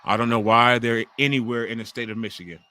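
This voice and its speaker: A man, hosting a casual live wrestling watch-along and chatting loudly with viewers. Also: medium pitch, fast talker. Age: 40s. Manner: loud, excitable, chatty with viewers, swears freely. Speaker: livestream host.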